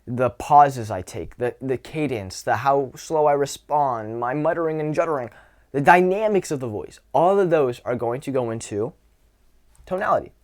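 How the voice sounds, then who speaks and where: Guy teaching how to be more fun to talk to, laid back and grounded, slows down to hit words, mid pitch. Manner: demonstrative, swings from whisper to loud to show vocal dynamics; relaxed, grounded, drawn-out delivery with sighs. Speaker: social skills coach. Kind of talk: casual instructional talk.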